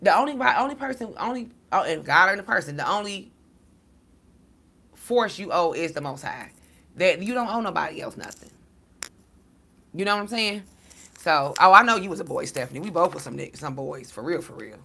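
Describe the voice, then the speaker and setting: A woman's voice: fairly low pitch, brisk, gravelly, pauses often. A woman giving a casual livestream talk as a spiritual reader, blunt and profane, preaching to her viewers. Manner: animated storytelling to viewers.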